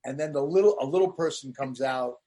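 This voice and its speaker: A man's voice: mid-range voice, fast, breathy edge. A man, a comedian guest in an interview, telling stories in casual chat and acting out quotes. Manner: animated storyteller, acts out quotes.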